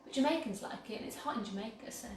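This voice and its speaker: Brief: cheerful English woman, high voice, baking livestream host, far from laptop mic, faint room noise. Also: animated, fast talker, heavy reverb. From England. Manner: bubbly, chatty, self-mocking. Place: home kitchen. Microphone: laptop mic from across the room.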